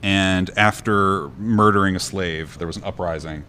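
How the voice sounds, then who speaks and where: A man's voice: low voice, normal speed, slight background noise. A man co-hosting a podcast live at a convention, telling a folk legend with jokes, laughs and acted-out voices. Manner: lively, jokey, laughs often, acts out voices. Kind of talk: animated live podcast storytelling. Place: convention panel before a live audience.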